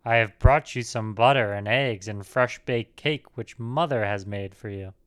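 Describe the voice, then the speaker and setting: A man voicing a sly wicked wolf in a storybook reading, with a low hushed murmur. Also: a little slow, smooth, close to an everyday voice. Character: sly wicked male wolf feigning gentleness.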